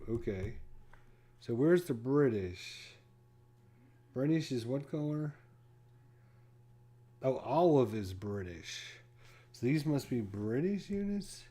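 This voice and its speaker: A man's voice: mid-range voice, animated, slow pace, long pauses, warm tone. A man unboxing a board game, casually thinking aloud to himself and counting pieces under his breath.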